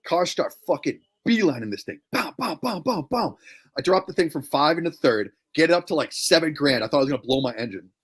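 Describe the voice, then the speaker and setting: A man's voice: a little high, lively intonation, quick pace, few pauses. A man telling a story on a casual podcast, blunt and profane, snapping back when teased. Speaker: podcast co-host.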